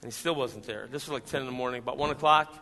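A man preaching a sermon and telling his own story, swinging from loud climbs down to quiet storytelling. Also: medium pitch, racing, creaky. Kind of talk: sermon testimony. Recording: hall reverb.

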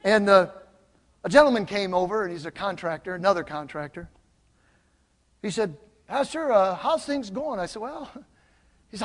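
Animated older preacher in an echoing hall. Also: male voice, sits high, moderate pace, pauses often. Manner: animated, swings from loud exclamations to soft asides. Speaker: pastor. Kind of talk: sermon with storytelling. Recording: long hall reverb.

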